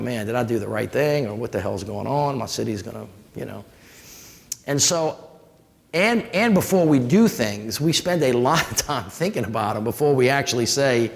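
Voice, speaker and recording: A man from New with a drawl, his voice gravelly and mid-pitched. He holds a live audience with folksy, animated stories and acts out the people in them. The sound carries a long hall echo. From New Orleans. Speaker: former mayor giving a public talk. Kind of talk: storytelling talk to a live audience.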